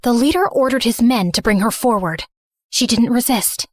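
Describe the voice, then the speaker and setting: A woman narrating a scripted animated story in first person, earnest and remorseful. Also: a little high, normal speed, dry recording, clean studio sound.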